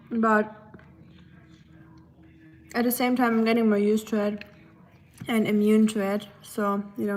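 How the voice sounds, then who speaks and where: A German woman livestreaming from home, chatting casually with viewers and reading comments, with lots of ums and a relaxed, unhurried manner. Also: on the high side. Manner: relaxed, many ums, switches between English and German.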